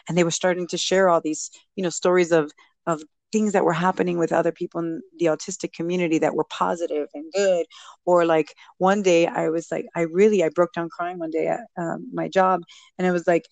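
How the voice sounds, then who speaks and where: A woman guest and mother telling a personal story in a casual interview, animated and acting out what people said. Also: lowish voice, dry recording. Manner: animated, acts out quoted speech.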